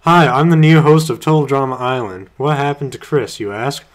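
A young man reading fan fiction aloud on a comedy podcast, halting and giggling as he goes. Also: medium pitch. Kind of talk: mock-dramatic reading with laughter.

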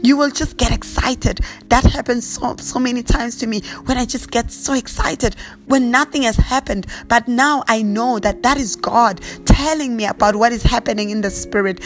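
A woman preacher praying fervently over listeners, repeating blessings and breaking into slow chanted tongues. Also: a little high, soft background music. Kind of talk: prayer sermon with speaking in tongues.

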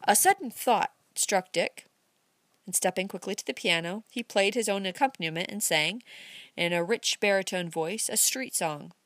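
A woman narrating a novel aloud in an expressive, measured storytelling manner. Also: medium pitch, dry recording. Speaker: audiobook narrator. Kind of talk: scripted narration.

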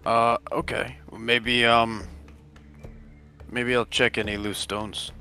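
A man's voice: mid-range voice, flat delivery, slow pace, bright, forceful tone, soft background music. A man playing a tabletop game, reasoning aloud hesitantly with many fillers and restarts. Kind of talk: in-character tabletop role-play.

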